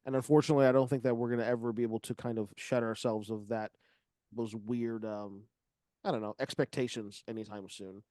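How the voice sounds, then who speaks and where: A man's voice: medium pitch, fairly even intonation, a little fast, mellow, no echo, studio quality. A man co-hosting a casual podcast, laid-back and hesitant, with casual swearing. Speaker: podcast co-host.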